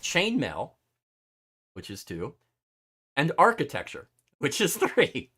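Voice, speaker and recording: Animated man hosting a casual live show. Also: on the high side, slow, husky. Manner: animated, laughing, stumbling over words. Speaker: show host. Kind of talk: casual live-stream chat.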